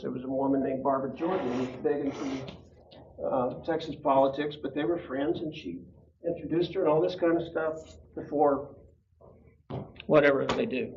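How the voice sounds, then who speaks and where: A man's voice: mid-range voice, slight background noise. Lo-fi recording of a chatty class teacher, a man. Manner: conversational, laughs often, asks the class questions. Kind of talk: casual storytelling to a class. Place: church classroom. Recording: dull lo-fi room recording.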